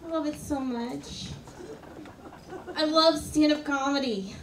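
A woman performing a stand-up comedy set on a club stage, delivering jokes deadpan with sudden loud outbursts. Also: high-pitched, slow pace. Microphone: stage microphone. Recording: roomy club sound from a distance, audience and faint noise. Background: audience laughter.

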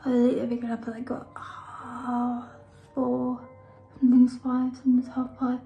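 A woman's voice: a little high, monotone, normal speed, gravelly, narrow, tinny audio, music in the background. A young woman chatting casually in a vlog, rambling and often dropping into a whisper. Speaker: vlogger. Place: at home and outdoors. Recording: background noise.

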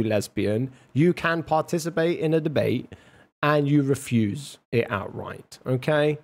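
A man's voice: fairly high pitch, measured pace. A man hosting a debate on a livestream, chatting casually with lots of swearing, laughter and rambling banter. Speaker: debate host.

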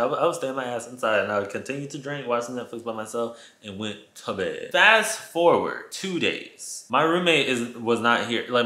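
Bright-voiced man telling a dramatic story. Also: on the low side, reverberant. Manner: animated, profane, dramatic storytelling addressing viewers. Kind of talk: casual storytime vlog. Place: his apartment.

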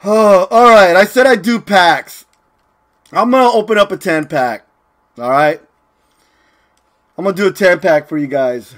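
A young man with a high, fairly bright voice streams a video game, chatting casually and laid-back to his viewers. He speaks unhurriedly, pauses often, and says "dude" and "man" constantly.

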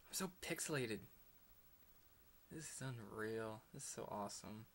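A man giving excitable let's play commentary, laughing often and slipping into whispered asides. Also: on the low side, measured pace, creaky, slight background noise. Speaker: gamer.

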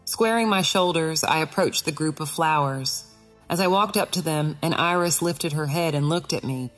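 A woman reads her own first-person story aloud in a measured, expressive way. Her voice sits very low. Soft music plays faintly behind her. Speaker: author narrator. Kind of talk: audiobook narration, first person.

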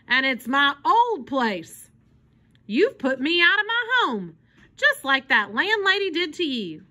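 A woman reading as a gruff old tramp. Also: high voice, very animated, slow, bright, forceful tone, pitched above the performer's own voice, exaggerated voice. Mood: wry. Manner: gruff, grumbling. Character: grumpy old male tramp, gruff but kind. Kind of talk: storybook read-aloud.

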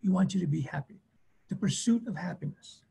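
This man, a therapist, talks through family conflict in a webinar with emphatic, repetitive, plainspoken phrasing, short stories and acted-out quotes. His high voice is creaky and dark with a breathy edge, and he goes a little fast.

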